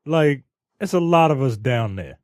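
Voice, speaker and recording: A man co-hosting a casual movie review podcast, reacting quickly and swearing easily. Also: mid-range voice, animated, darkish tone, no echo, studio quality. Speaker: podcast co-host.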